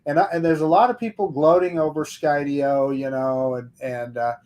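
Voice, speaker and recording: A man's voice: a little high, fairly even intonation, moderate pace, darkish tone. A man as a guest on a live-stream talk panel, speaking casually and bluntly with stumbling restarts.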